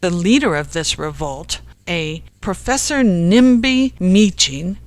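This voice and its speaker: An audiobook narrator reading a comic story in unhurried, measured scripted narration. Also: mid-range voice.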